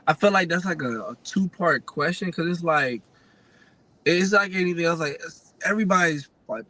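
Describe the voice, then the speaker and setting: A young adult man telling a family story in a casual, animated way, full of fillers. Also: fairly high pitch, no echo. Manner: lively, animated retelling with many fillers. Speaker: guest sharing family story.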